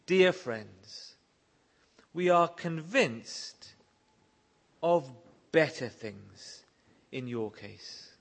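A man's voice: medium pitch, expressive, takes it slowly. A man preaching a sermon, reading scripture verses aloud and pressing his listeners with earnest questions. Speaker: pastor.

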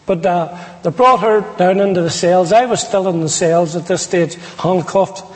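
With a high voice at normal speed, this Irish preacher tells his own story as testimony, full of humor and quotes from others, in the style of a storytelling sermon. A long hall reverb fills the recording.

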